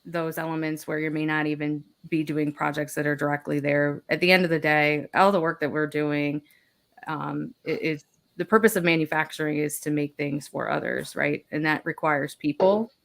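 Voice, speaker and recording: A woman's voice: sits low, fairly even intonation, moderate pace, gravelly. A woman speaking as a guest on a live online panel, thoughtful and laughing at her own slips.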